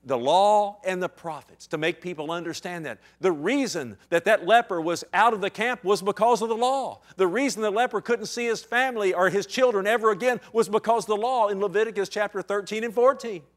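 A man preaching a sermon, dramatic, swinging from loud outcries to hushed, slow passages. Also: high voice.

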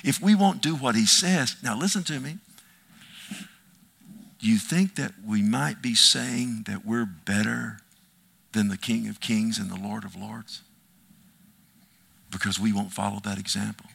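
A man's voice: on the low side, measured pace, gravelly, pauses often, a bit bright, slightly rough. A man preaching a sermon as pastor, with emphatic delivery and frequent rhetorical questions to the congregation.

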